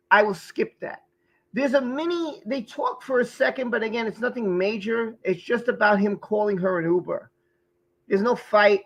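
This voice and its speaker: A man with a high, slightly bright voice hosts a live stream over poor audio. He chats casually and greets viewers from the chat by name, sometimes tripping over those names.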